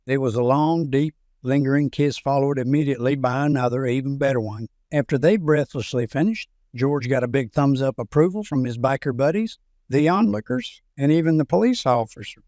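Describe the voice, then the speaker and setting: A man tells a run of jokes in a steady, scripted narration. His pitch sits in a middle range, and the recording is dry and close with no room sound. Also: a little fast, no echo. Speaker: joke narrator.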